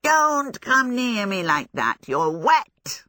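A sly, crackling fire demon from a storybook hisses his warnings close and dry, as a woman reads him. His voice lifts high and strained above the reader's low tone. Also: big pitch swings, slow, bright, forceful tone, no echo, exaggerated voice. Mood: hissing. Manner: hissing.

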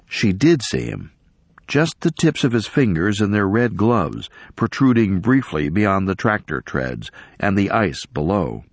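Slow, husky male narrator. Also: fairly low pitch, no echo. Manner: measured, steady storytelling. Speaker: audiobook narrator. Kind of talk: scripted narration.

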